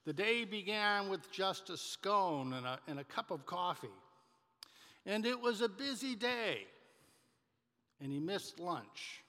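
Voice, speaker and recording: A male pastor preaching a sermon in a church, telling a story in a measured manner with some restarts. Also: high-pitched, animated, sharp tone. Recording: reverberant church hall.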